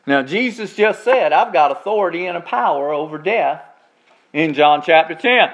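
High-voiced preacher man, slow emphatic delivery. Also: lively intonation, fairly bright tone. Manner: preaching with slow, drawn-out emphasis on key words. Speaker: pastor. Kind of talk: sermon.

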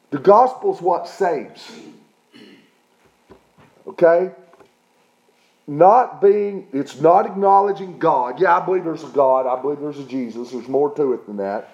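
A middle-aged man preaching with steady emphasis, stopping often to check that his congregation follows. His voice sits a little high but sounds mellow and dark in tone. The recording is dull and lo-fi, as if captured in a church. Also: measured pace, pauses often, echoey room. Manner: emphatic preaching with repeated "okay?" check-ins. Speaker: pastor. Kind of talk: sermon.

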